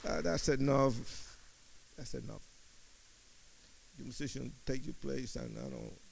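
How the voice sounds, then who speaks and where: Gravelly impassioned preacher man. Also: medium pitch, measured pace, slight background noise. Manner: impassioned, swinging from hushed to shouting. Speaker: preacher giving testimony. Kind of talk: sermon testimony.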